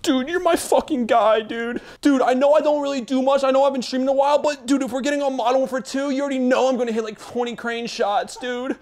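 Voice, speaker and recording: A man's voice: very high voice, steady tone, fast talker, few pauses, a little mellow. A man doing a comedic impression of a young bro streamer who brags and says dude constantly. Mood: bragging.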